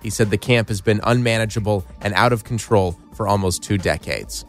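A man hosting a radio morning show, reading news in a measured way and joking easily with his co-hosts. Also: fairly low pitch, faint music behind. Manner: measured newsreader delivery that gives way to easy laughter.

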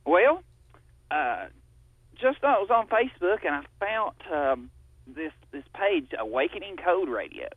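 A man's voice: high-pitched, sing-song, a little slow, breathy edge, dry recording, phone-quality sound. Folksy Eastern Kentucky man calling in. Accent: Southern US, Eastern Kentucky. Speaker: caller. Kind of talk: phone-in chat on a radio show.

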